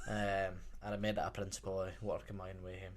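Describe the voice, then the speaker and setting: A man's voice: sits low, completely flat delivery, fairly quick. A man, co-hosting a podcast in casual chat, blunt and laconic with casual swearing. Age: 20s. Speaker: podcast co-host.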